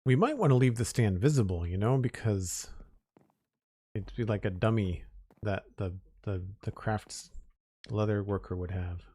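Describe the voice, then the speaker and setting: A man streaming a building game, thinking aloud in relaxed casual commentary, his voice slightly hoarse. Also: lowish voice, unhurried, dry recording.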